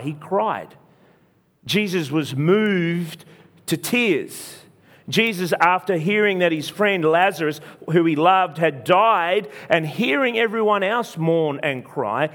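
Earnest higher-voiced male preacher. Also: a bit bright. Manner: earnest, repetitive, frequent restarts. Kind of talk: sermon storytelling.

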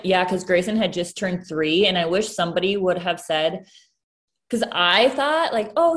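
Candid young mom, casual chat. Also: female voice, mid-range voice, a bit bright. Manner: candid, emotional, tearful at times.

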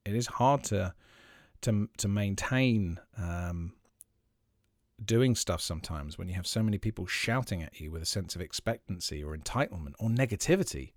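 A man hosting his own podcast, talking reflectively and haltingly with many fillers and restarts. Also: low voice, lively intonation, no room sound, clean studio sound. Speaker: podcast host, magician. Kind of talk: reflective solo podcast talk.

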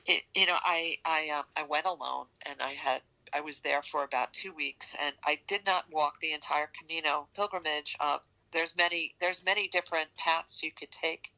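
Gravelly New York woman in her sixties. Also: low-pitched, fairly even intonation, bright, forceful tone, low-quality recording. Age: 60s. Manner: halting, searching for words with many fillers. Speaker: guest. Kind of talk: casual interview conversation.

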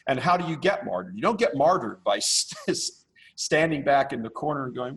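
A man speaking as a podcast guest, blunt and forceful, repeating himself as he rambles. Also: mid-range voice, expressive, normal speed, breathy edge. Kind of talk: casual interview.

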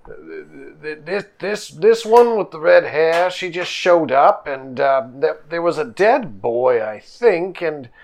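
A scatterbrained professor rambles on, stammering and losing his thread, voiced by a man in a tabletop game. He talks in halting, unsure bursts. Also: on the high side, expressive, vocal fry, pitched above the performer's own voice, exaggerated voice. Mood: flustered.

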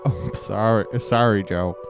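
A man's voice: fairly low pitch, normal speed, over music. A man co-hosting a comedy podcast, playful and mock-confused. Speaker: podcast co-host. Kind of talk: improvised comedy banter.

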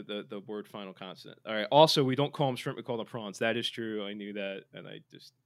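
A man co-hosting a podcast in casual chat, joking and playful, reading listener messages aloud. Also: fairly low pitch. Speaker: podcast co-host.

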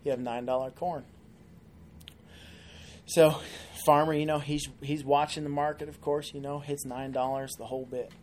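A man as a podcast guest, telling a long joke in an animated, casual way. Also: a little high, normal speed, a little hiss or hum. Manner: animated storyteller.

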